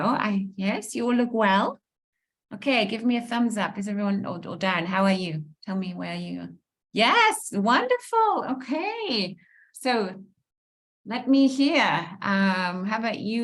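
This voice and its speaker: A woman hosting an online women's circle over a video call, gentle and playful, guiding the group with encouragement. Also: mid-range voice.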